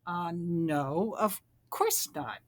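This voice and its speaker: A woman's voice: lowish voice, big pitch swings, extremely slow, gravelly, exaggerated voice. A woman voicing a sheepish, stammering man who hesitates over his words.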